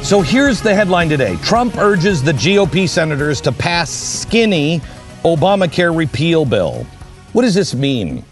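Male talk host, impassioned opinion monologue, animated delivery, faint music under. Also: on the high side, measured pace. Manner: impassioned, emphatic, lively. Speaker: radio talk show host.

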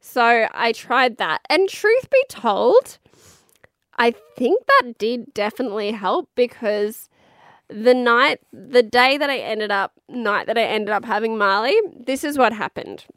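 A woman's voice: on the high side, unhurried, a bit bright, dry recording, clean studio sound. A woman in her thirties with an Australian accent, telling a personal story in a frank, chatty way, swearing freely and laughing often.

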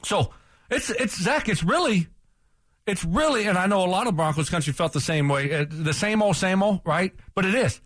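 Sports radio guy ranting about a loss, kinda high voice, repeats himself a lot, dry close mic. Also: lively intonation, moderate pace, a bit bright, no room sound. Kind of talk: casual sports talk.

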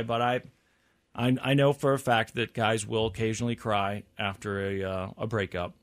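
A man's voice: medium pitch, moderate pace, fairly bright tone. A man in his thirties co-hosting a casual chat, easygoing and rambling, with frequent restarts. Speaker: co-host.

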